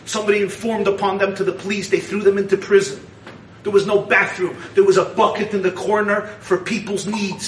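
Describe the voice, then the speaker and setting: A man preaching a Hasidic sermon and telling a story, swinging between fervent shouting and hushed tones. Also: sits high, slight background noise. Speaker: rabbi teaching a congregation. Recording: echoey room, voice from a distance.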